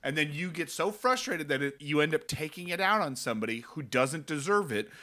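An excitable man in casual podcast banter, with a bright, forceful tone and a lively pitch that jumps all over the place. He sits a little high for a man, riffs on theories, and laughs easily. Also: fairly quick. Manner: excitable, jokey, bursts into loud laughter and chants. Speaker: podcast co-host. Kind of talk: casual chat.

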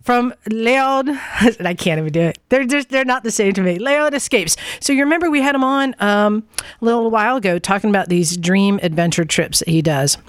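Woman host, casual and chatty, mid-pitched, dry close mic. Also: normal speed, clear, resonant tone, no echo. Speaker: podcast host. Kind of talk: casual chat and interviewing.

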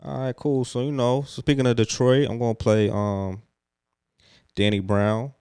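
A man's voice: mid-range voice, level tone, moderate pace, warm tone, clean tone, dry recording, clean studio sound. A man co-hosting a casual podcast, laid-back and teasing, rambling as he introduces songs. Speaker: podcast co-host.

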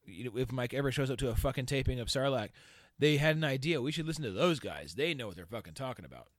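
A man's voice: medium pitch, animated, fast, dry recording, studio quality. Profane, heated man ranting. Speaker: podcast host. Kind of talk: casual podcast rant.

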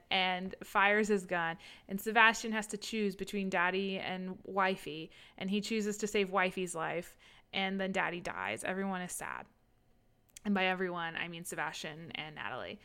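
A woman's voice: mid-range voice, moderate pace, bright, forceful tone, smooth. A woman co-hosting a podcast, recapping a book in a crude, playful, laughing casual chat. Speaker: podcast co-host.

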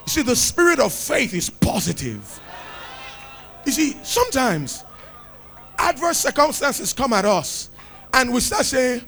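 A man preaching a sermon with exuberant shouts, laughter and cries of praise. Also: very high-pitched, very animated, measured pace, vocal fry, soft background music, a faint crowd.

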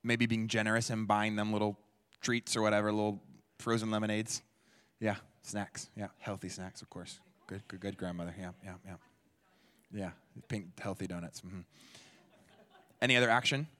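A man leads a church teaching session in a relaxed, conversational way, asking questions and echoing back what people answer. His voice sits low. The sound carries a long reverb from a large hall. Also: moderate pace, clear, resonant tone. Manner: conversational, quizzes the audience and repeats their answers. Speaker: speaker at a church. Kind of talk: interactive teaching talk.

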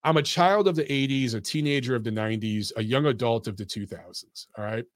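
A man in his forties talks at a middle pitch in a blunt, lecturing tone, addressing his listeners as "guys" as he hosts his podcast. His voice sits close and dry, with almost no room around it. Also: fairly quick, dry recording. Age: 40s. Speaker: podcast host. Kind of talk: opinionated boxing commentary monologue.

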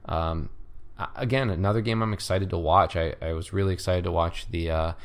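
A man's voice: sits low, fairly quick. A man co-hosting a casual sports podcast, rambling and hesitant with many fillers. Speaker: podcast co-host.

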